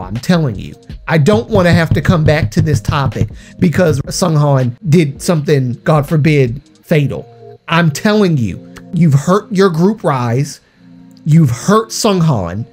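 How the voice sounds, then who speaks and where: Heated, emphatic man with a slightly hoarse voice. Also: fairly high pitch, darkish tone. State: slightly hoarse after illness. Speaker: YouTuber. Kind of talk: ranting commentary vlog.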